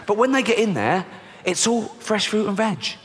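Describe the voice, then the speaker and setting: A British comedian works a big theatre crowd, his sarcastic, mock-outraged delivery swinging widely in pitch. The voice sits fairly high for a man. A long hall reverb and loud audience noise surround every line. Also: very animated, normal speed. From Britain. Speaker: stand-up comedian. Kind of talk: stand-up comedy. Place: large theatre stage.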